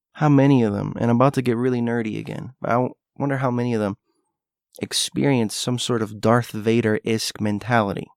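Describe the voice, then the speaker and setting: Gravelly man musing in a casual monologue. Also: mid-range voice, a little mellow, no room sound, clean studio sound. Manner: musing, rambling with restarts and asides.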